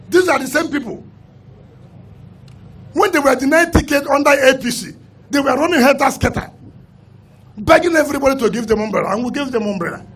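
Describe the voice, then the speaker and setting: Nigerian politician, high gravelly voice, combative and emphatic on-the-record statement. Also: male voice, a bit bright, slight background noise. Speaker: state governor and party leader. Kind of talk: press statement.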